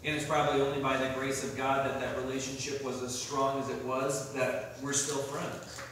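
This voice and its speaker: A man's voice: mid-range voice, little pitch movement, moderate pace, far from the mic. A young adult man preaching a sermon as a pastor, earnest and conversational, telling personal stories. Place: church sanctuary. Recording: echoey church hall mic from afar with noise.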